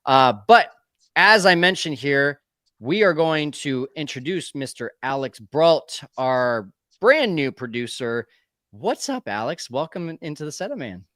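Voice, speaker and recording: Hype guy hosting a live sports stream, smooth clear voice, dry close sound. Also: on the high side, sing-song, unhurried, fairly bright tone, dry recording. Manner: upbeat, calls guests brother. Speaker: podcast host.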